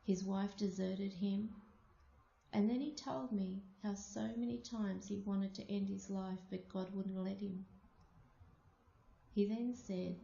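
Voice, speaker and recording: A woman from Australia telling a personal story aloud, slow and deliberate. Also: medium pitch, steady tone, creaky, warm tone. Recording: muffled, echoey room.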